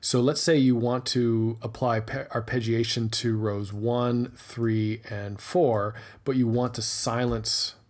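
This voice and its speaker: A man's voice: mid-range voice, little pitch movement, slow pace, hardly any pauses, darkish tone. A man hosting a music tutorial, explaining methodically and thinking aloud as he works through the steps. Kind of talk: screen-recorded tutorial narration.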